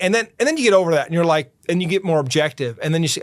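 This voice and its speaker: A middle-aged man, a podcast host, answering interview questions in an earnest, emphatic way and slowing down to stress his key points. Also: fairly high pitch, expressive, no room sound, clean studio sound.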